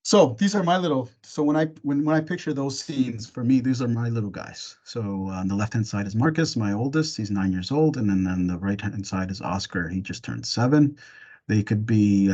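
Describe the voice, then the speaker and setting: A man presenting a parenting webinar, gently walking listeners through reflective questions in a casual way with some fillers and restarts. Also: mid-range voice, muffled recording. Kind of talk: reflective webinar talk with guided imagery.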